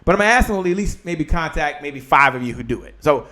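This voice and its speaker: A man hosting a live-streamed talk show, excitable and animated, talking straight to his viewers and his guest. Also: a little high, quick pace. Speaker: show host.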